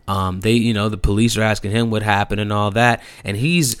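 A man's voice: lowish voice, fairly quick, clean tone, dry recording. A young man telling a personal story in a casual, slangy and profane way, acting out the people in it. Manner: animated, slangy and profane, acts out quotes.

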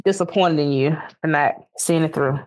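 A woman's voice: low-pitched, moderate pace, darkish tone. A woman co-hosting a podcast in casual chat, ranting animatedly about TV and addressing listeners as y'all. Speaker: podcast co-host.

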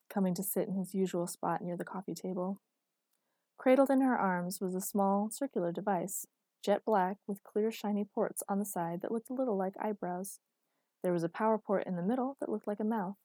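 A woman narrating a story in an even, measured reading voice. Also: medium pitch, no room sound.

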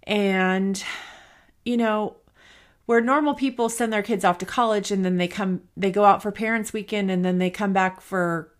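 A woman's voice: medium pitch, fairly even intonation, moderate pace. A woman in her forties hosting her own podcast, talking candidly and emotionally while trying not to cry. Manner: candid, emotional, thinking aloud. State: near tears. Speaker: podcast host. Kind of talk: personal solo podcast talk.

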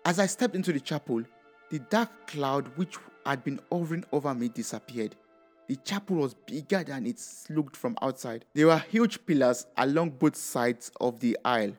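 A man's voice: mid-range voice, expressive, moderate pace, faint music behind. A man narrating a dramatic first-person story in a reflective tone.

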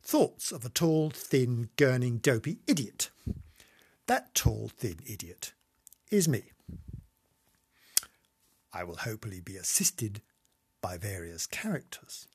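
A man's voice: mid-range voice, big pitch swings, slow pace, pauses often, a little mellow, husky. Theatrical man with swooping delivery. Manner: theatrical, camp, swooping between squeals and mutters. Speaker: podcast host. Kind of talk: comic monologue.

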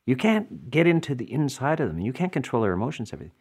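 Lively, emphatic male meditation teacher. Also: medium pitch, quick pace, vocal fry, breathy edge. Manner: emphatic, explanatory, with rhetorical questions. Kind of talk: dharma talk answering listener questions.

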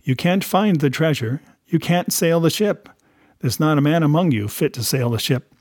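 A man's voice: fairly high pitch, normal speed, a little mellow, dry recording, clean studio sound, natural voice. A man doing a stern, commanding sea captain. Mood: defiant. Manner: clipped, commanding. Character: stern middle-aged male ship's captain, unbending.

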